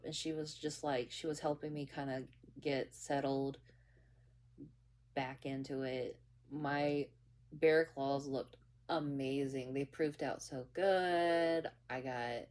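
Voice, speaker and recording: Casting note: young woman with a low voice, casual storyteller, halting and rambly. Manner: rambling, halting, many restarts and fillers. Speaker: bakery worker telling a story.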